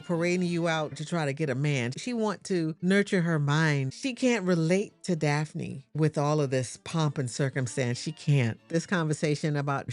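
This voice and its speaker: A middle-aged woman with a low voice and reacts to a TV episode in sassy, colloquial asides. Her pitch swings widely as she talks. Faint music plays underneath. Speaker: reaction host. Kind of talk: casual TV reaction commentary.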